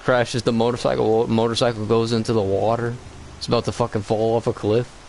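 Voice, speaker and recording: A man's voice: medium pitch, little pitch movement, a little fast, gravelly, a little mellow, slight background noise, poor audio. Profane rambling man, gaming chat. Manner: profane, ranting, loose and rambling. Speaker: gaming channel co-host. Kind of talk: casual gaming commentary.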